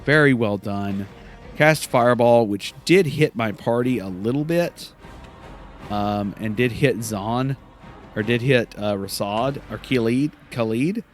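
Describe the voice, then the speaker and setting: A man's voice: mid-range voice, slow pace, faint music behind. A man hosting a let's play, giving casual gameplay commentary, rambling and correcting himself with many fillers.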